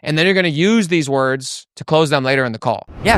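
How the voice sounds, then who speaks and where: A young man coaching sales tonality to camera, animated and acting out the tones he explains. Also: fairly high pitch, brisk, few pauses, no room sound, studio quality. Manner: animated, demonstrates tones with his voice. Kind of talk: energetic teaching to camera.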